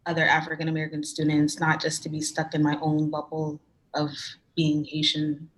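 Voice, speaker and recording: Young woman student, emotional, halting with many fillers, lowish voice, video call. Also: completely flat delivery. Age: young adult. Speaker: student club president. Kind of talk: question from the audience.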